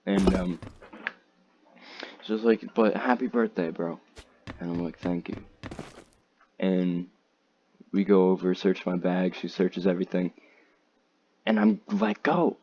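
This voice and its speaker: A man's voice: low-pitched, steady tone, takes it slowly, pauses often, lo-fi sound, background noise. A teenage boy casually telling a rambling, slangy story, acting out what others said in raised voices.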